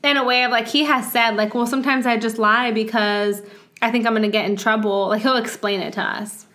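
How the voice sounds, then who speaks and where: A woman's voice: fairly high pitch, steady tone, fairly quick, pushed and bright. A woman in her thirties in casual chat as a podcast co-host, talking with lots of "like" and acting out quoted voices. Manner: chatty, full of "like", acts out quoted voices.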